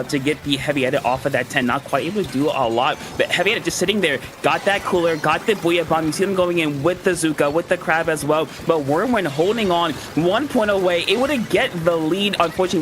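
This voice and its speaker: A man's voice: on the high side, noisy background. A man giving laid-back, joking color commentary on an online video game tournament. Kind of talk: esports commentary.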